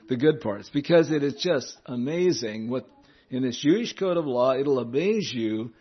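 Male Bible teacher, relaxed conversational delivery with chuckles, average pitch, lo-fi capture. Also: normal speed, husky. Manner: conversational, chuckling asides, repeats key words. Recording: dull lo-fi recording.

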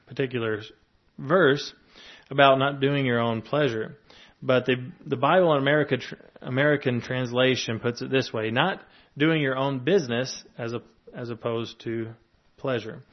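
A man's voice: mid-range voice, muffled recording. A man preaching a sermon in a conversational way, reading scripture and adding asides with small chuckles and fillers. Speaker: pastor.

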